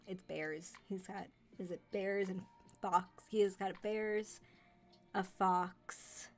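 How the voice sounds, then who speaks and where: A woman's voice: medium pitch, steady tone, slow, faint music behind. A young adult woman chatting casually on her livestream, rambling with lots of fillers and restarts. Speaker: livestream host. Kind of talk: casual chat.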